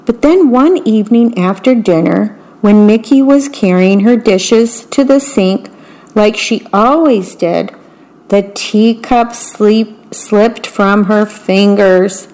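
Slow, careful woman reading a picture book. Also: medium pitch, darkish tone. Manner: slow, careful, describes the pictures between passages. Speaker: storyteller.

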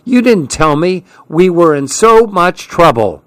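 A man's voice: medium pitch, lively intonation, slow, dry recording. A man reading aloud, voicing an angry adult mother who speaks sharply and bitterly in a storybook. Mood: accusing.

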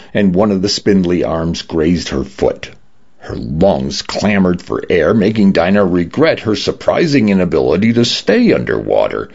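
A man reading a story aloud as an expressive audiobook narrator. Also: low voice, creaky, husky. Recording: dull lo-fi recording.

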